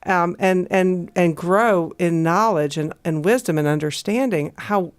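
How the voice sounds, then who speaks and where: A woman's voice: fairly low pitch, clean tone. An American woman co-hosting a conversational discussion, thinking aloud with frequent restarts and fillers. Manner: thoughtful, halting, with many restarts and fillers. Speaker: co-host.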